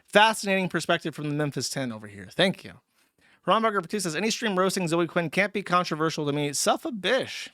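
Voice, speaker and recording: A man's voice: sits high, animated, a little fast, a bit bright, dry recording, studio quality. A man casually chatting on a livestream, reading out donations with crude, sarcastic remarks.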